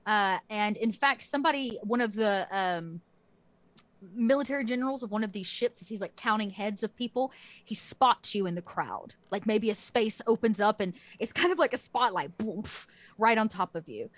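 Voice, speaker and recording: A woman's voice: medium pitch, normal speed, no room sound. A woman narrating a tabletop game as game master, chatty, with lots of fillers and restarts.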